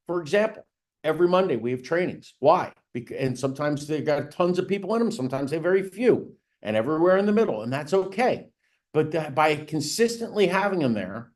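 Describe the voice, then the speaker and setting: A man teaching a business planning session for real estate agents, talking in a conversational way and stressing key points with rising emphasis. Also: fairly high pitch. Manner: conversational, repeats "right?" and "again". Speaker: real estate coach and trainer. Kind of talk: training seminar talk.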